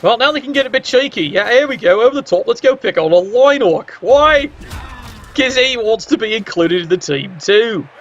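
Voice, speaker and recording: A man doing play-by-play commentary of a video game match, with cheeky, sardonic asides and sudden jumps up in pitch. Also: expressive, a little fast, few pauses, dull audio.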